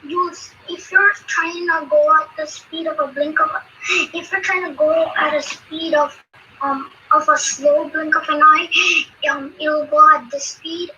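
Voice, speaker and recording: A woman's voice: high voice, level tone, unhurried, pushed and bright. A woman student answering her teacher hesitantly in an online class, with frequent fillers. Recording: muffled, lightly noisy call audio.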